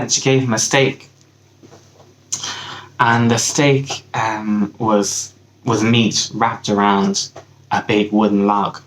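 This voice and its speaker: A young Irish man, a camp counselor, casually telling a folk tale in a relaxed, hesitant way with pauses and restarts. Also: fairly low pitch, a little hiss or hum, poor audio. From Ireland.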